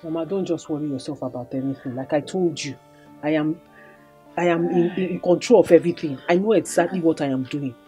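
A woman's voice: sits low, brisk, dark tone, soft background music, natural voice. An actress with a Nigerian accent playing a young woman in love who defends herself to her mother, insistent and repeating herself. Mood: defiant. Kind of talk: film drama acting.

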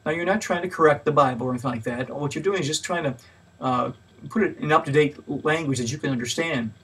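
A man's voice: fairly high pitch, fast talker, a bit bright, husky, far from the mic. A man giving a mini lecture on Bible study in a plain, patient teaching manner, with frequent fillers and extra stress on each point he lists. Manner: stresses key words when listing points.

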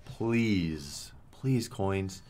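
A man with a very low voice calls out slot spins as he plays, cursing freely and groaning or yelling at the reels. Quiet game music plays underneath him. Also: expressive, very slow. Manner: swears a lot, groans and shouts at spins. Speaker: online slots streamer. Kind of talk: live gambling commentary.

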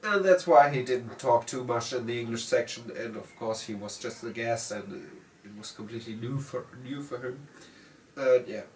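A German man with a German accent, casually reading out viewer comments in halting, self-correcting English. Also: mid-range voice, a little hiss or hum. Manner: halting, self-correcting, laughs at own words. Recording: roomy sound from a distant mic.

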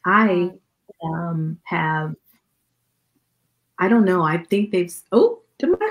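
A woman's voice: lowish voice, big pitch swings, slow pace, pauses often, rough recording. A woman hosting a casual online book club, speaking candidly, wandering through her thoughts and laughing at herself. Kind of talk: casual video call book discussion.

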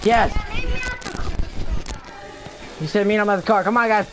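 A man doing loud, taunting commentary while playing a horror game. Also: high voice, measured pace, background noise. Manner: loud, taunting, trash-talking. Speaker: gamer. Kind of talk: gameplay commentary. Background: game music.

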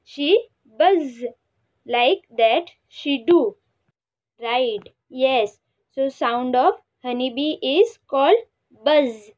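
Slow, high-voiced Indian English teacher. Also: female voice, expressive, darkish tone, muffled recording. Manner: slow, spells words letter by letter, imitates animal sounds. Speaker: schoolteacher. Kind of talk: classroom lesson for young children.

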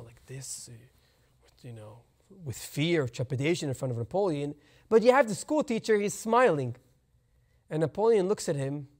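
A rabbi giving a sermon, telling a parable in an animated way and sprinkling in Hebrew terms. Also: male voice, sits high.

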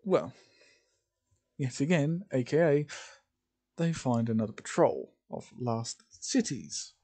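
A man narrating an improvised fan story, halting often and correcting himself as he goes. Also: medium pitch, animated, dark tone. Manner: halting, with many fillers and self-corrections.

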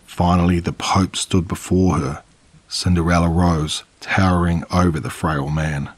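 A man narrating a horror story in a measured, dramatic way. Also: deep voice, level tone, breathy edge.

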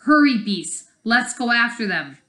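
A woman voicing a gruff red-faced male warrior captain in a low, quiet, solemn voice. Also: fairly even intonation, unhurried, echoey room. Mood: sly shouting.

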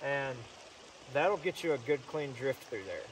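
Wading a stream outdoors, a man gives easygoing, instructive fly fishing tips while he casts, his mid-range voice lively in intonation. A distant outdoor mic picks up the loud rushing water along with a little hiss or hum.

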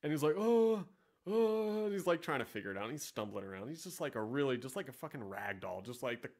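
A man's voice: medium pitch, lively intonation, very fast. A man giving sarcastic, profane, rambling casual commentary as the host of a vlog. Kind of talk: casual commentary reading ads.

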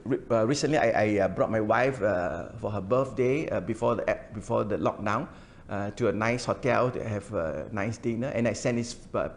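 With a creaky, fairly low voice, an older male pastor delivers a church sermon. He goes through scripture one line at a time, often hesitating with "uh" and repeating words.

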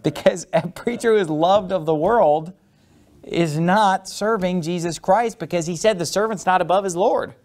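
Guy preaching a sermon, fairly high voice, gets really animated acting stuff out. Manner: animated preaching, acts out angry teeth-gritting; reads and explains scripture verse by verse. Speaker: pastor.

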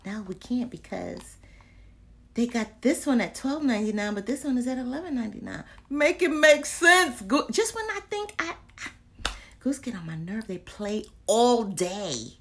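Woman vlogger chatting to her viewers, lively swooping voice, sometimes mutters under her breath. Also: fairly high pitch, normal speed. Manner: chatty and exasperated, slangy, drops into whispers. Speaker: candle vlogger. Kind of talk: casual live chat to viewers.

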